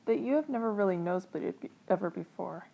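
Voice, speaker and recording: A woman's voice: medium pitch, animated, quick pace, creaky, lo-fi sound. A young woman reading fan fiction aloud as a channel host, breaking off into sarcastic, wry commentary on a home mic. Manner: sarcastic, wry asides, laughs at the text.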